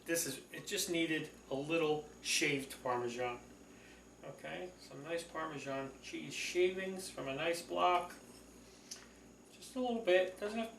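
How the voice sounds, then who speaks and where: A fairly high-voiced man hosts a homey cooking demo, talking viewers through each step in a chatty, folksy way and gushing over the food. He sounds like he is in a roomy, echoing kitchen, with a faint clatter of dishes behind him. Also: fairly bright tone, slight background noise. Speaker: cooking show host. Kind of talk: casual cooking demonstration.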